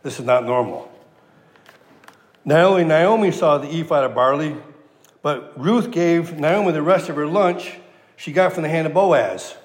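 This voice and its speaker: A man preaching a sermon, animated, acting out the lines he quotes with plenty of inflection. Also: fairly high pitch, moderate pace, long reverb tail.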